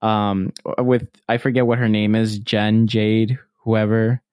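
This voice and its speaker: A man's voice: fairly low pitch, little pitch movement, takes it slowly, smooth, no room sound, lo-fi sound. A young man co-hosting a podcast in casual chat, laid-back and giggly, swearing now and then. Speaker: podcast co-host.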